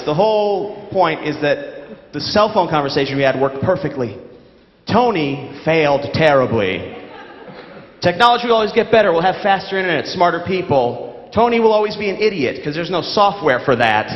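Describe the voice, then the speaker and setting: Sardonic New stand-up, echoey hall. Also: male voice, fairly high pitch, moderate pace, slight background noise. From New York. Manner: sardonic, deadpan storytelling. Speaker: stand-up comedian. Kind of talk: stand-up comedy set. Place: large theater stage. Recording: echoey theater hall, dull lo-fi.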